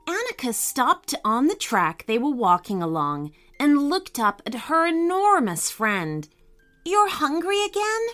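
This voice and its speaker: Woman host, kids' storybook narration; bright, slow, sing-song delivery. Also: on the high side, soft background music. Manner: warm, expressive reading aloud to kids.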